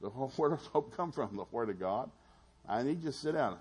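Folksy male preacher, husky tone, animated storytelling delivery with asides to the room. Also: mid-range voice, normal speed, soft background music. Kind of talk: sermon.

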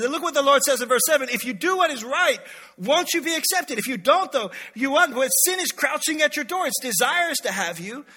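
A man in his thirties, a pastor delivering an emphatic, energetic sermon and acting out everyday people in asides. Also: extremely high pitch, husky, in a large hall. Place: church hall.

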